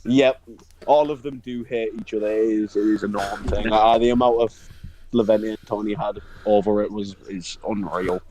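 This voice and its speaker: A man's voice: on the low side, steady tone, moderate pace, a little mellow, rough recording. A young man, co-hosting a podcast and telling a funny story in casual chat, laughing often. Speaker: podcast co-host.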